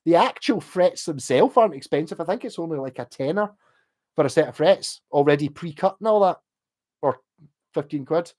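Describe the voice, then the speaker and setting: A man's voice: on the high side, lively intonation, moderate pace, darkish tone. A Scottish man rambling casually on a livestream about guitar repair, with many restarts and the odd swear word.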